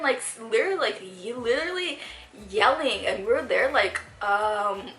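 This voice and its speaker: A woman's voice: a little high, animated, normal speed, pushed and bright, reverberant. A young woman vlogger telling a story in a chatty, exasperated way while doing her makeup. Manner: chatty, exasperated, heavy use of fillers. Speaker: beauty vlogger.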